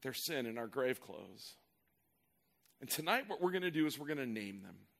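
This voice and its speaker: A man's voice: medium pitch, very animated, moderate pace, creaky, fairly bright tone. A male pastor preaching a sermon in an earnest, emphatic way, often repeating words as he builds a point.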